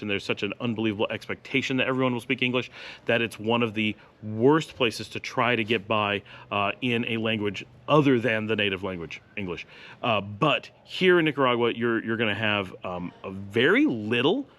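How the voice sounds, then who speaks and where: A man's voice: mid-range voice, fairly bright tone. Chatty man vlogging, dry asides. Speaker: vlogger answering viewer questions. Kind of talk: casual talking-to-camera vlog. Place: home office indoors.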